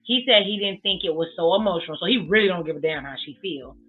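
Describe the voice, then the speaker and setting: A woman's voice: on the low side, animated, fast, breathy edge. A woman giving blunt, sassy casual commentary as she recaps a reality TV episode, swearing freely. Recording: tinny phone-like sound with faint music.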